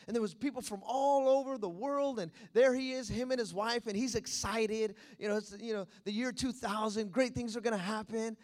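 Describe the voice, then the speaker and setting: High-voiced man telling a story from the pulpit. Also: normal speed, hardly any pauses. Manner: animated, repetitive, acts out voices. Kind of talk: storytelling sermon. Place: California church.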